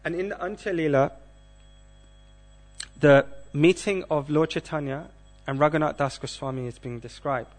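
A man giving a scripture class, speaking in a measured way and asking the audience questions. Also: fairly high pitch.

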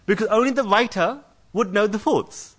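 A man voicing a bewildered male scholar who is humbled and awed by his opponent, in low, subdued musing. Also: normal speed, a bit bright, breathy edge.

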